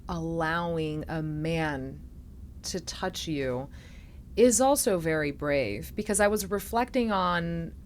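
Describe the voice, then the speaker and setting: Soft-spoken reflective woman host. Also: low voice, slow, slight background noise. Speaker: podcast host. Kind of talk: intimate interview conversation.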